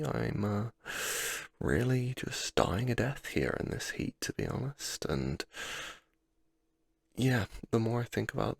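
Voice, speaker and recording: A man rambling through a self-deprecating story in a soft, sleepy gameplay commentary, sometimes dropping to a near-whisper. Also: deep voice, vocal fry, slightly rough, dry recording, studio quality. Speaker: gaming channel host.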